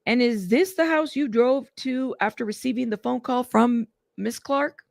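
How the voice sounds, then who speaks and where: A woman's voice: a little high, normal speed, creaky, no room sound, studio quality. A woman reading out a prosecutor's careful, methodical questions to a witness in court. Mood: questioning.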